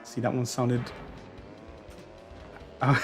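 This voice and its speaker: A man's voice: lowish voice, fairly even intonation, extremely slow, soft background music. A man giving casual, self-deprecating commentary while playing a racing game, swearing and laughing at his own mistakes. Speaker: gaming YouTuber.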